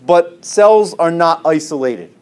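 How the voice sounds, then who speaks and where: A man's voice: fairly high pitch, expressive, takes it slowly. A man giving a biology lecture to a class, asking questions and then answering them himself, tagging his points with "right?" and "okay?" while he draws on the board. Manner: drawing on a board while explaining.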